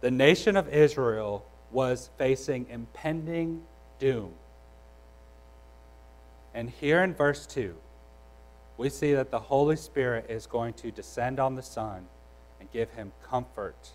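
Preaching slowly and pausing often, a young adult man delivers a sermon as a pastor, telling stories conversationally and restarting frequently. He has a medium-pitched voice, captured in a low-quality recording.

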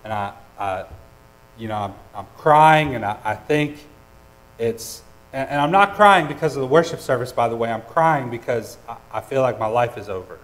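A man preaching a sermon, earnest and personal, with hesitant restarts and swings between loud and soft. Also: mid-range voice, expressive, moderate pace, rough recording. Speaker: pastor.

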